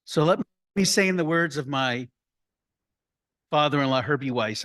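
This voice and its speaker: A man, a rabbi, giving a slow, deliberate report and story to his congregation at an annual meeting. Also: a little high, lively intonation, pushed and bright. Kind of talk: congregational address. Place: room filled with people.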